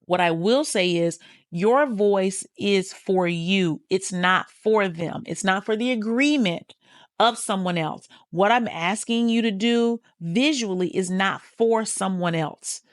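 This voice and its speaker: A woman's voice: medium pitch, slow, dry recording, studio quality. A woman hosting a podcast on healing, talking casually and candidly straight to the listener and swearing freely. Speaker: podcast host, healing coach. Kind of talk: casual motivational talk.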